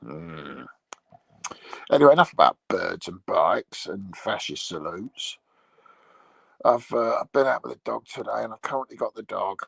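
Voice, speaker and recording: Man, English accent, middle-aged, crude rambling chat, husky, dry close sound. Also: lowish voice, expressive, normal speed, fairly bright tone, no room sound. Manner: crude, swearing, meandering. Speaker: livestream host. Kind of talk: rambling casual chat to viewers. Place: lying on a bed at home.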